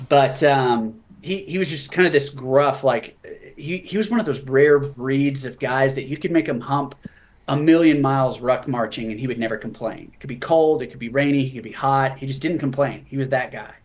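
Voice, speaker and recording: Man, mid pitch, candid storyteller, earnest with some joking. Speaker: guest, veteran author. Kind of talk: conversational storytelling.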